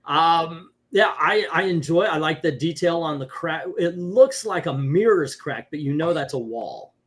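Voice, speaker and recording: Brief: middle-aged man, podcast host on a call, slightly high voice, rambling and jokey. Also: lively intonation, unhurried, a bit bright. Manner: joking, rambling, self-interrupting. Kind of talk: casual podcast chat. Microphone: video call.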